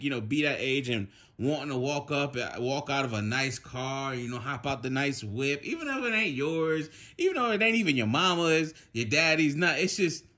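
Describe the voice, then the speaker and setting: Animated man telling a laughing story. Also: on the high side. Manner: animated, laughing often, swearing freely. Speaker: vlogger. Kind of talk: casual storytelling vlog. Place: at home.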